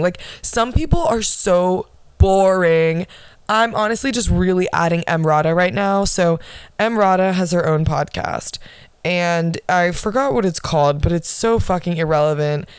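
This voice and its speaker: A woman's voice: on the low side, clear, resonant tone, no echo. A young woman hosting her own solo podcast, ranting bluntly and sarcastically with lots of swearing. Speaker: podcast host.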